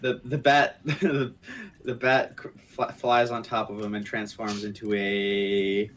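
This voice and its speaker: A man's voice: on the low side, level tone, a little slow, a bit bright, a little hiss or hum. A man playing a tabletop game, joking and wry as he describes what his character does. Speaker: player. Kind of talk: casual tabletop play.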